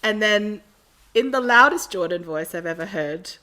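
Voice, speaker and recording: A woman guest on a podcast, telling a story in a casual, animated way and acting out the quotes. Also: medium pitch, normal speed.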